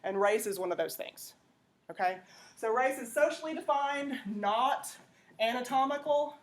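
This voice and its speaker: A woman's voice: on the high side, lively intonation, moderate pace. A woman lecturing a classroom, talking conversationally and checking in with "okay?". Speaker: teacher.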